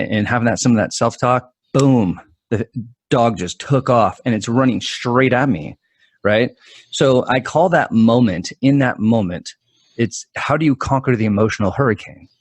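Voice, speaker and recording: A man in his forties, a guest mental performance coach, telling stories in an animated, quick-talking way with frequent restarts. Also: mid-range voice, dry recording. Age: 40s. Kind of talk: conversational storytelling.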